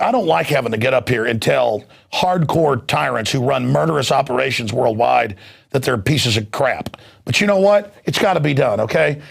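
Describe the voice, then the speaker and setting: A man hosting a talk show, delivering a heated, blunt political rant with repeated "okay?" and many restarts. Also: a little high. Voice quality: gravelly. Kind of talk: ranting political monologue.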